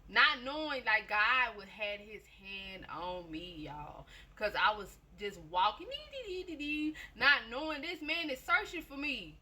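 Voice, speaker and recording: A woman tells her personal testimony in a loose, chatty way, circling back over the same phrases and talking right to her listeners. Her voice is bright and forceful, with a pitch in the middle range for a woman. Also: a little slow, hardly any pauses. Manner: chatty storytelling, repeats phrases, addresses listeners directly. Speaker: testimony speaker.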